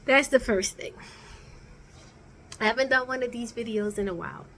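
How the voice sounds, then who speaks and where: A high-pitched woman talks straight to camera from her small home office. She is outspoken and animated, casually chatting through her takes on TV shows. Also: normal speed, slight background noise. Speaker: vlogger reviewing TV shows.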